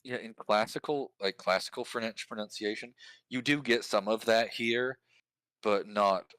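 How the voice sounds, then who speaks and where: A man with a very low voice explains points at length, pausing on fillers as he thinks aloud. His tone is bright and forceful, and the sound is dry and close, with no room echo. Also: clean tone. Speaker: lyric and language helper. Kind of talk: casual explanatory chat.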